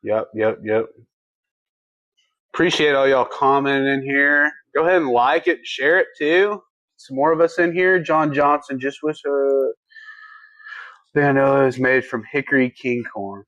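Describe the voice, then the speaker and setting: A man's voice: mid-range voice, measured pace, a bit bright, dry recording, dull audio. A man co-hosting a livestream, chatting casually and folksily as he reads viewer comments. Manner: laid-back, folksy, laughs easily. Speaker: livestream co-host.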